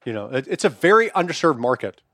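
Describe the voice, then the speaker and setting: A man's voice: mid-range voice, big pitch swings, fast, fairly bright tone, no echo. Middle-aged man, podcast co-host, casual swearing banter, dry close sound. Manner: loose, profane, laughing banter. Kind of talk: casual chat.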